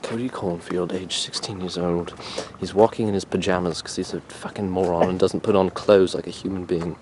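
A man with a fairly low voice narrates a mock nature documentary while filming outdoors. He sounds mock-serious, crude and rambling. The camcorder audio carries clear outdoor background noise. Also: steady tone, normal speed. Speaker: narrator and camera operator. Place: outdoors in a neighborhood.

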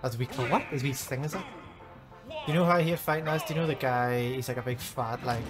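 A man's voice: mid-range voice, fast. A young Irish man chatting casually with a friend while gaming, joking and swearing freely. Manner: joking, swears freely, breaks into silly put-on accents. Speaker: gamer. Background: game music.

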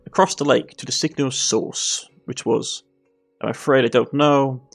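A man's voice: medium pitch, steady tone, unhurried, creaky, soft background music. A man reading as a prim talking robot. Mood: deadpan. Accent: Cornish. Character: stiff talking camp robot, literal.

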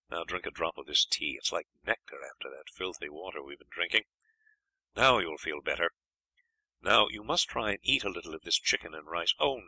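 An audiobook narrator voicing a cheerful, plucky young lad who talks in a hearty, encouraging way. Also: male voice, deep voice, bright, forceful tone, dry recording, heavily acted, poor audio.

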